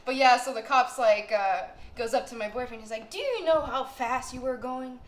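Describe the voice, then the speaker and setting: Animated young woman telling a story. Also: a little high, normal speed. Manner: animated, laughing storyteller full of "like". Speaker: podcast co-host. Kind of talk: casual storytelling chat. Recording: echoey room, faint noise.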